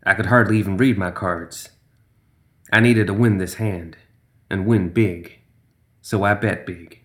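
A man's voice: low-pitched, steady tone, unhurried, a bit bright. A man narrating a first-person horror story in a tense, dramatic way.

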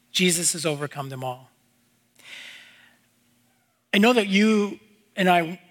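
A male pastor with a high voice preaches in an unhurried, measured way. He repeats phrases earnestly and lets his voice sink at the ends of lines. A long reverb from the church hall trails every word. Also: a bit bright. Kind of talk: sermon.

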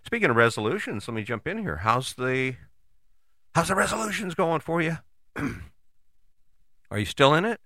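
A man giving a casual motivational talk, conversational and animated, with frequent rhetorical questions and the odd curse word. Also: on the high side, unhurried, pauses often, no room sound, clean studio sound. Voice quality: casual, swears freely. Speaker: motivational host. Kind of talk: motivational monologue.

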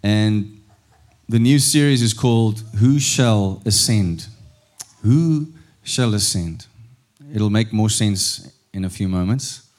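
A man with a South African accent preaching a sermon as pastor, in a warm, chatty way and laughing easily. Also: lowish voice, fairly even intonation, slow pace.

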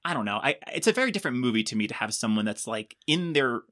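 A man co-hosting a casual movie discussion, chatty and relaxed, trading quick asides and laughs. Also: mid-range voice. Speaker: podcast co-host.

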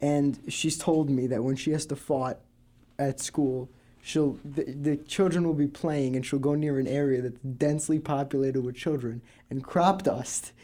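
A man's voice: mid-range voice, fairly even intonation, a little slow, mellow. A young man co-hosting a podcast, talking casually, joking crudely and swearing a lot. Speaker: podcast co-host. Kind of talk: casual chat.

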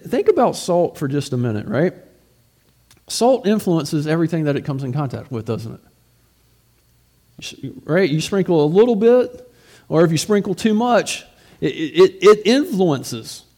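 A man's voice: high-pitched, a little mellow. A man, a pastor, preaching a sermon in a conversational way, asking rhetorical questions and often repeating words as he goes.

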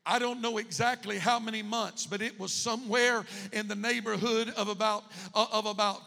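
High-voiced gravelly pastor in echoing hall. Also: male voice, steady tone, moderate pace. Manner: emotional, building to fervent shouts. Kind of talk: sermon storytelling.

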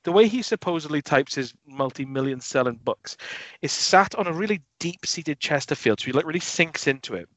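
A man co-hosting a casual film podcast, animated and often mimicking scenes in a lowered voice. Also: a little fast, no room sound. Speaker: podcast co-host. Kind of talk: casual film review chat. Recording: dull lo-fi dry sound.

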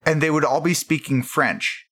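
A man chatting casually with friends about a video game, animated and full of fillers. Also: on the high side, normal speed, soft background music. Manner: animated, laughing, filler-heavy. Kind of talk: casual chat among friends.

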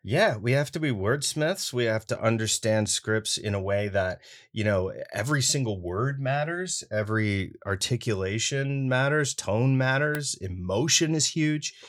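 A man's voice: medium pitch, animated, unhurried, hardly any pauses, fairly bright tone. A man from Canada, a voice actor, talking casually in an interview with lots of fillers and easy laughs. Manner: chatty, frequent fillers and laughs. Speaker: voice actor guest.

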